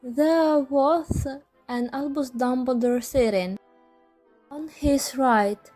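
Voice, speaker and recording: A young woman reads a novel aloud in deliberate, drawn-out phrases. Her voice is fairly high and very slow. Music plays faintly underneath. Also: warm tone. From Ukraine. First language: Ukrainian. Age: young adult. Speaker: student reader. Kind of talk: audiobook narration.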